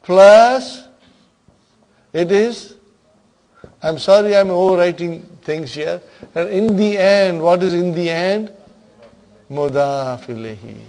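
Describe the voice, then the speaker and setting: A man's voice: high voice, animated, slow pace, long pauses, a little mellow. A man teaching an Arabic grammar class, patiently explaining terms and often checking that his students follow.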